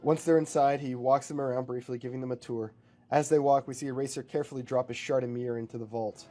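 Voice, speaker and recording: A man's voice: mid-range voice, steady tone, quick pace, mellow, faint music behind. A man casually improvising a story aloud, rambling with fillers.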